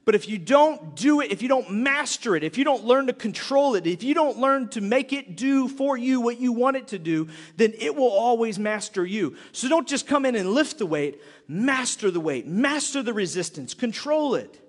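A man's voice: very high voice, expressive, normal speed. A man preaching a sermon with lots of energy, acting out little voices and laughing often. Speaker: pastor. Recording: long hall reverb.

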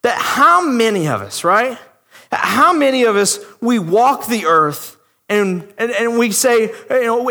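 A man delivering a sermon in a bright, high voice that swoops up and down with lively emphasis. He talks conversationally and acts out the voices he quotes. His words ring out with a long hall reverb behind them. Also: slow. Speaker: preacher.

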